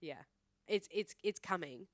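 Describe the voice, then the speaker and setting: A young woman, co-hosting a podcast in a playful, animated, storytelling chat. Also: lowish voice, measured pace, no echo. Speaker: podcast co-host. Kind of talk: casual chat.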